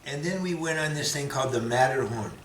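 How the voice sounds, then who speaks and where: A man telling lively stories to an audience, imitating sounds and laughing often, with a pause after each line for an interpreter. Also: medium pitch. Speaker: Buddhist teacher telling stories. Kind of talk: storytelling talk with interpreter. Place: meditation centre hall. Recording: echoey hall, faint noise.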